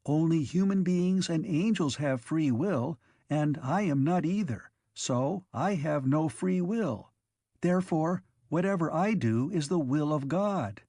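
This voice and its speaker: A man voicing an obsessive male robot that reasons in flat, methodical steps. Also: a little high, a little slow, dry recording, clean studio sound. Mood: fixated.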